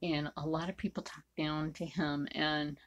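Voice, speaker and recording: Drawing on camera, a woman artist talks bluntly in a rambling, filler-heavy casual chat. Her voice sits low, her delivery is flat, and her pace is measured.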